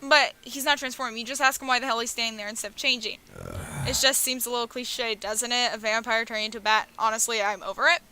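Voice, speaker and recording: Reading a dating game on stream, a young woman with a high, bright voice talks fast in a steady tone, with slight hiss or hum in the audio. She mixes the game text with joking asides, laughter and swearing, playful throughout.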